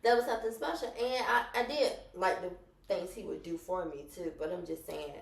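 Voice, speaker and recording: A woman's voice: lowish voice, a little fast, vocal fry, echoey room. A woman co-hosting a casual chat podcast, blunt, sassy and defiant. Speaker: podcast co-host.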